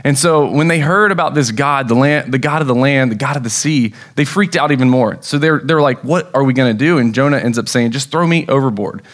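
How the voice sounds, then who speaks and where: A young American man giving a casual, storytelling sermon in a church, with plenty of fillers and quick acted-out quotes. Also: medium pitch, a bit bright. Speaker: preacher. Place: church sanctuary.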